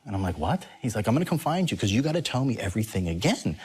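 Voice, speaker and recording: Low-voiced man telling a story. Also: racing, slightly rough. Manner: animated, laughs while telling a story. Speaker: guest. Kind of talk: storytelling on a talk show.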